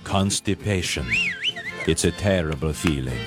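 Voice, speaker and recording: Deep mock-commercial announcer, sweeping delivery, voiced by a man, music bed. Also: unhurried. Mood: solemn.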